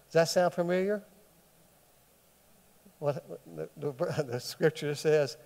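A man's voice: fairly high pitch, takes it slowly, gravelly, long pauses, darkish tone. A man teaching a Bible study sermon who keeps asking the listeners questions and then answers them himself. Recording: long hall reverb.

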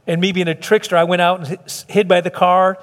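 A man's voice: sits high, little pitch movement, fairly quick, fairly bright tone. A middle-aged man, preaching a sermon in a conversational way, often acting out quotes and restarting. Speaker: pastor. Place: church sanctuary. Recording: long hall reverb.

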